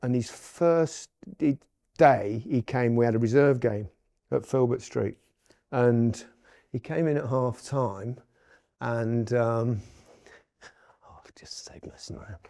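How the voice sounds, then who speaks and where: Gravelly-voiced Englishman telling stories. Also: mid-range voice, slow, pauses often. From England. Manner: animated anecdotes, playing snooker between remarks. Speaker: guest. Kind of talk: casual chat, storytelling. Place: indoor snooker room.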